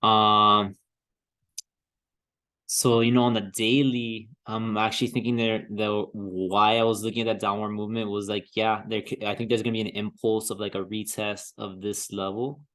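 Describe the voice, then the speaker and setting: A man's voice: lowish voice, flat delivery, normal speed, pushed and bright. A man in a casual vlog talking through trading charts, easygoing and hesitant as he thinks aloud, often trailing off and restarting. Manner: easygoing, chuckles to himself. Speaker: crypto trading vlogger. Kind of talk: casual chart analysis commentary.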